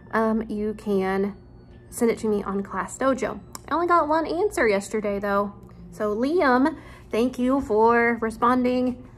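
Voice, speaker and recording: At home near a laundry room, a woman teacher with a fairly high voice chats casually with her students, with slight background noise. She retells a story informally, with frequent ums and asides.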